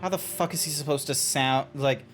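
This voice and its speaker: A man's voice: mid-range voice, moderate pace, a bit bright, soft background music. A young Australian man chatting casually while streaming a game, rambling with restarts and frequent swearing.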